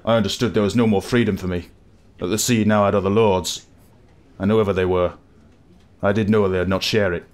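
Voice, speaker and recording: A man voicing a grizzled old sailor in a game tavern, with a put-on West Country accent and a gruff, brooding way of telling tales. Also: lowish voice, fairly even intonation, brisk, voice pushed down, natural voice. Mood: grim. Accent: West Country English, put on.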